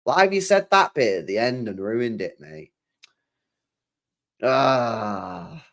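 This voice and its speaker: A man's voice: mid-range voice, very animated, slow, a bit bright. A young man chatting casually on a football stream, exasperated, swearing often and laughing.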